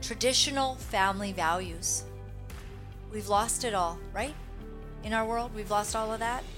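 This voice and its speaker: A woman's voice: mid-range voice, unhurried, music in the background. A woman hosting her own Christian commentary show, talking straight to her viewers in an emphatic, indignant, preachy way. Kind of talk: impassioned live commentary.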